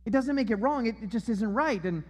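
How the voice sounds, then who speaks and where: High-voiced pastor preaching in a hall. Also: male voice, animated, brisk. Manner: emphatic, repeats key phrases. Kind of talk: sermon. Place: church auditorium.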